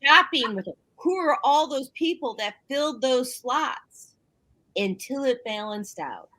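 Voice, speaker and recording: A woman's voice: sits high, measured pace, no room sound, rough recording. A woman guest on a call-in talk show who speaks from her bedroom and tells stories animatedly, acting out what others said. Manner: animated storyteller, acts out quotes. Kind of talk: casual radio talk. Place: home bedroom.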